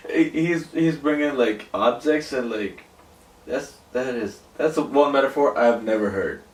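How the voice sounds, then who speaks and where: A man hosting a podcast in casual chat, loose and profane, quick to laugh. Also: mid-range voice, far from the mic. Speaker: podcast host. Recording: roomy and off-mic, faint noise.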